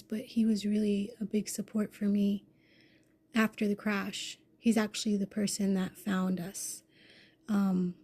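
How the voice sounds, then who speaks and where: A woman in her thirties or forties telling an emotional personal story, intense and swearing, swinging from hushed to loud. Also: medium pitch, slightly rough. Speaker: vlogger.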